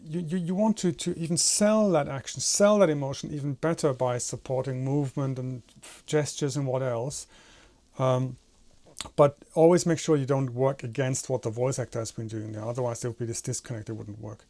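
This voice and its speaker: A man's voice: medium pitch, moderate pace, warm tone. A man teaching animation in a tutorial, explaining step by step and demonstrating with his own head and hands. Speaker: animation instructor.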